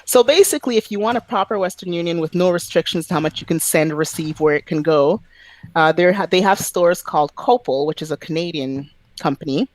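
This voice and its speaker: A man on a video call telling a story in a relaxed, animated way, acting out the lines of the people he quotes. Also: on the high side, fairly quick, dry recording. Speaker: podcast guest. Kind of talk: casual storytelling chat.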